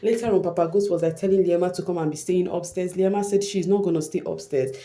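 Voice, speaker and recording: A woman vlogger with a chatty, animated manner, recapping a reality show in casual gossip commentary. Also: on the low side, fast.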